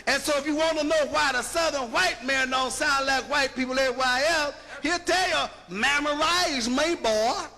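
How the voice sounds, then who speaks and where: A man's voice: very high voice, moderate pace, gravelly, hardly any pauses, sharp tone. A man giving an emphatic, rhetorical lecture, punching his points and checking that listeners follow. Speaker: linguistics lecturer. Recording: long hall reverb.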